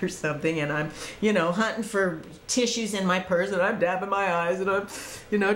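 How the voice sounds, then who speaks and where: A woman's voice: lowish voice, roomy sound, slight background noise, rough recording. A woman giving an earnest, reflective spiritual testimony, stressing points by repeating them. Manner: earnest, reflective, emphatic repetition. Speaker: speaker recording personal spiritual tapes. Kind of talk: personal spiritual testimony monologue.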